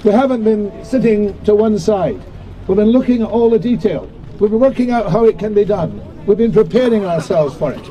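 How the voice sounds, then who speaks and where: A government minister, an older man, hoarse and losing his voice, giving an impassioned rally speech outdoors. He slows down and drops his pitch to stress key lines. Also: mellow, dull audio. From Scotland. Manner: impassioned, slowing and falling in pitch on key phrases.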